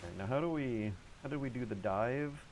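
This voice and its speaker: A man hosting a livestream, giving casual game-stream commentary in a rambling, think-aloud way with quick laughs. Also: mid-range voice, a little mellow, slight background noise. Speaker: livestream host.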